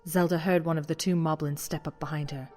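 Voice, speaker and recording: A man giving dramatic scripted audiobook narration, dropping to a hush at tense moments. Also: on the high side, flat delivery, brisk, faint music behind.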